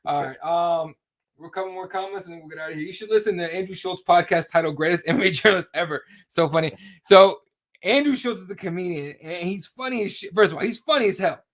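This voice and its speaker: A man's voice: high-pitched, fast talker, a bit bright. A man hosting a combat sports podcast, reading out viewer comments in a crude, blunt way. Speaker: podcast host. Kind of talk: casual chat.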